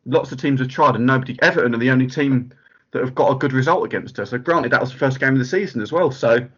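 A man's voice: mid-range voice, fast, fairly bright tone, breathy edge. A man in a casual chat, peppering his talk with "like". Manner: chatty, lots of "like" fillers. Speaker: podcast co-host. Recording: dull lo-fi audio.

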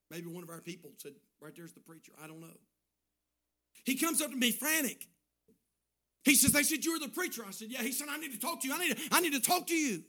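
A man preaching a sermon as pastor, swinging between loud shouted bursts and quiet, hushed storytelling. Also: a little high.

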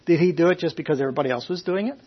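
A man preaching a conversational sermon to a Bible class, questioning his listeners in a folksy, animated way. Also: a little high, racing, breathy edge. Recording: dull lo-fi recording.

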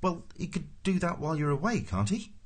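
A man's voice: lowish voice, very animated, a little fast, darkish tone, breathy edge. A man voicing an urgent, offhand alien traveler who talks in clipped, pressing sentences in an audiobook. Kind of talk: audiobook character voice.

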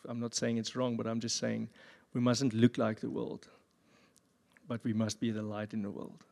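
A man pastor giving a sermon at a church service, with jokey, animated asides. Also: lowish voice, normal speed, gravelly. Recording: long reverb of a church hall.

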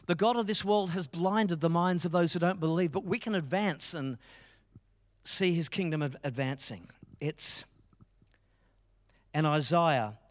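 A middle-aged pastor with a high-sitting voice preaches a passionate sermon, packed with stories told through quoted dialogue. A long reverb tail trails his words.

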